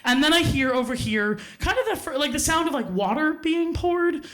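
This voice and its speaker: A woman with a high voice tells a personal story live from a theater stage. She is animated, swears freely and laughs at her own mishaps. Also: moderate pace.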